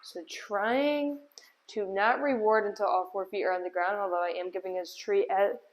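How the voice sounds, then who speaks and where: A woman's voice: mid-range voice, fairly even intonation, normal speed. A woman dog trainer explaining a puppy's sit and down stays while giving him firm commands indoors. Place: indoor room at home.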